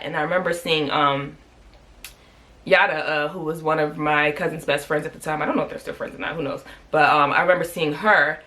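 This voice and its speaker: Woman in her thirties, vlogger, rapid talker with a bright, forceful voice, blunt and salty. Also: sits low. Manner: candid, profane, heated retelling. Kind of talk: casual storytelling to camera.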